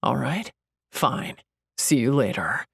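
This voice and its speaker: A woman reading an audiobook, voicing a hot-tempered young man who speaks in a low, hard, clipped way. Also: sing-song, slow, creaky, slightly rough, no echo, clean studio sound, heavily acted. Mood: curt. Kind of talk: audiobook character voice.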